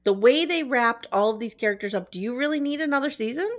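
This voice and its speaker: Chatty woman podcast host, higher voice. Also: expressive, fast. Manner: chatty, sarcastic, lots of "like". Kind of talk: casual TV recap chat.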